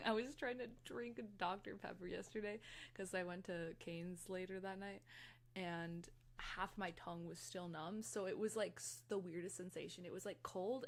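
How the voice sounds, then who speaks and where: Chatty young woman streaming from her room. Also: medium pitch. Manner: chatty, rambling, excitable. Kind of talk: casual chat on a live stream. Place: her room, fan running.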